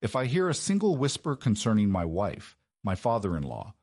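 A formidable duke, as a male storyteller plays him, lethally calm and commanding with a husky edge. It is read close and dry for a storybook. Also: fairly low pitch, normal speed, no echo, full character voice. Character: formidable, furious young duke.

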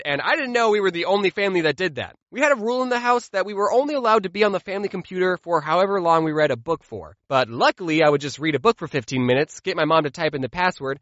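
A young comedy storyteller animatedly tells funny stories about his childhood, his high voice constantly leaping up and down. Between acted-out quotes and jokes, he slips in deadpan asides. The recording is close and dry, with a slightly muffled top end.

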